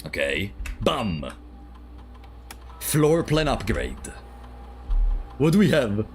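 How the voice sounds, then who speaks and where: A man's voice: fairly low pitch, very slow, soft background music. A man streaming a puzzle game, thinking aloud and bantering with his chat. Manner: thinking aloud, chatting with viewers, animated swings. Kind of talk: casual let's-play commentary.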